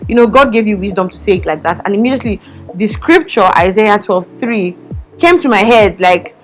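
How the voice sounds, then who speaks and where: Young woman chatting on her vlog, lively storytelling, soft music under it. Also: mid-range voice, fairly quick. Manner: animated, expressive storytelling. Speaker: vlogger. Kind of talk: casual chat. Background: faint background music.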